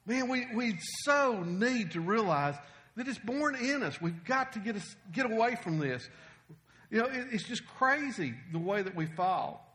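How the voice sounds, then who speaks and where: Animated folksy preacher, high bright voice. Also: male voice, a little slow. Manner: folksy, animated storytelling with humor. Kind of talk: sermon.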